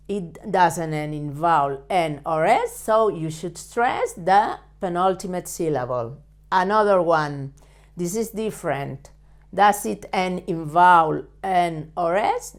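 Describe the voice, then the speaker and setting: A native Spanish-speaking woman teaches a step-by-step lesson in careful, halting English, often using fillers and correcting herself. Her voice is lowish and animated.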